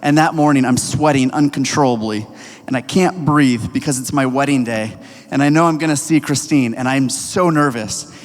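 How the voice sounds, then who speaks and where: A young man giving a storytelling youth sermon, energetic and leading the room in call-and-response. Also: mid-range voice, moderate pace. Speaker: youth pastor. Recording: long reverberant hall.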